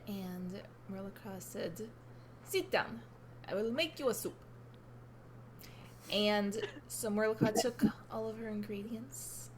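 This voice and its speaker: A woman improvising a fantasy tale for friends in a casual, playful way, with dramatic pauses and frequent giggles. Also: mid-range voice, background noise. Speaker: storyteller in a party game.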